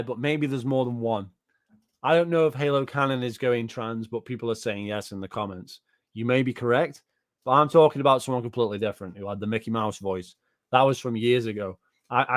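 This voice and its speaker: A man's voice: medium pitch, brisk, a bit bright, no room sound, clean studio sound. A man ranting casually on a livestream, reacting to chat in a rambling, profane, incredulous way.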